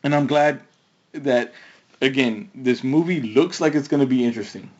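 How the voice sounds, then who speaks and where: A man's voice: medium pitch, moderate pace, a little mellow, dull audio. A man co-hosting a casual movie chat, rambling and restarting his sentences. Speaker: podcast co-host.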